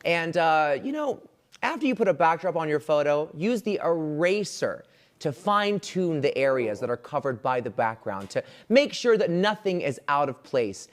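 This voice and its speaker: Sassy low-voiced co-host, campy. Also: female voice, big pitch swings, moderate pace. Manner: sassy, campy, says "baby" a lot. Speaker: co-host of a live online show. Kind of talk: playful live-stream hosting.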